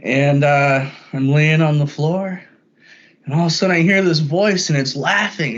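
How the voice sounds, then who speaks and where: Halting man telling a personal story. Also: fairly high pitch. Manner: halting, often repeats words when starting a thought. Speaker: podcast guest. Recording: dull lo-fi sound.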